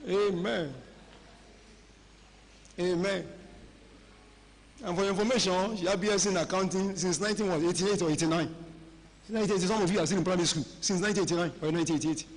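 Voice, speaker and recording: Middle-aged Nigerian-accented pastor, higher voice, conversational sermon delivery, long hall reverb. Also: male voice, steady tone, fast, pauses often. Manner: conversational preaching, mixing pidgin and Yoruba phrases. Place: large church hall.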